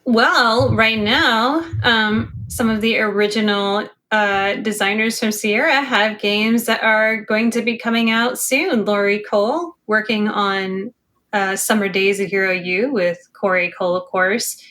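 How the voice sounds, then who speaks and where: Upbeat woman guest on a podcast, mid pitch, gushing about stuff. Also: unhurried. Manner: excited, upbeat. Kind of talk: casual chat.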